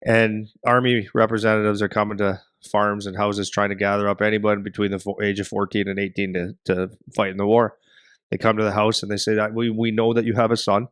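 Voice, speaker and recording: A middle-aged man co-hosting a hockey podcast, telling a story in a rambling, animated way and acting out voices. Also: fairly low pitch, a little fast, clean tone, dry recording, clean studio sound. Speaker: podcast co-host and hockey parent.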